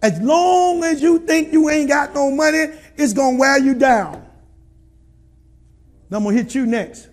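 A man preaching a sermon as pastor, in a folksy, colloquial way, calling out to the congregation and rising to shouts. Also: very high-pitched, unhurried, pauses often.

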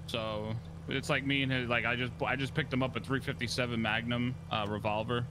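A man's voice: mid-range voice, level tone, a little fast, sharp tone, a little hiss or hum. A young man in casual voice chat, laid-back and boastful, swearing freely. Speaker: game player chatting out of character.

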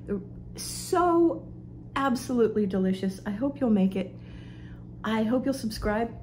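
A woman's voice: on the high side, expressive, a little slow, darkish tone, slight background noise. A middle-aged woman, chatting homey and friendly to viewers as she shows a recipe in her kitchen. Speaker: cooking show host. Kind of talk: casual cooking demonstration. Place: home kitchen.

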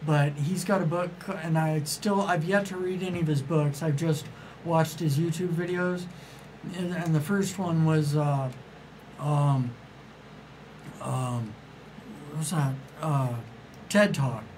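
Man with a slightly high voice, rambling. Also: steady tone, takes it slowly, a little mellow, slight background noise, low-quality recording. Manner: rambling, enthusiastic storyteller who acts out quoted dialogue. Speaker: author and interview guest. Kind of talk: casual radio interview storytelling.

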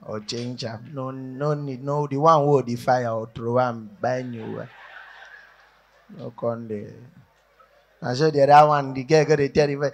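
A man's voice: medium pitch, a little slow, a little mellow. A Nigerian man doing stand-up jokes, laid-back and laughing at his own punchlines. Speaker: stand-up comedian. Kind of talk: stand-up joke telling in Pidgin.

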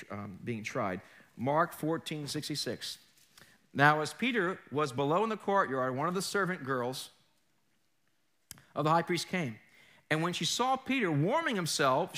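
A man delivers a sermon in a high, ringing voice. He tells stories with animated energy and banters with his congregation. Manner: animated storytelling, mimics accents, jokes with congregation. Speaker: pastor.

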